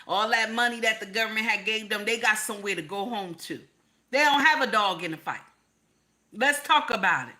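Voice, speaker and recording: Forceful, profane American woman ranting. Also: mid-range voice, a little fast. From United States. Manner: profane, emphatic, repeats her points. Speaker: livestream host. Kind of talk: live-stream rant to viewers.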